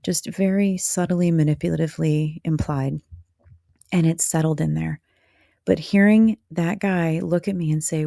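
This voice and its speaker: A woman's voice: sits low, fairly even intonation, normal speed, creaky, dark tone, no echo, studio quality. A woman hosting a reflective podcast monologue, speaking candidly and directly to the listener in a motherly, blunt way. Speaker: podcast host.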